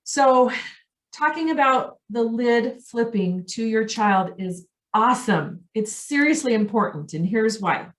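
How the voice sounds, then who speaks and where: Woman trainer, fairly high voice, explanatory, echoey room. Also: expressive, measured pace. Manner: explains warmly, acts out quoted voices of kids and parents. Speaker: parenting trainer. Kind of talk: online training talk. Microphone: video call.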